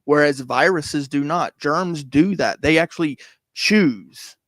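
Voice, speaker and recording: A man in a loose podcast group debate who talks haltingly and searches for words. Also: on the high side, fairly bright tone, no room sound.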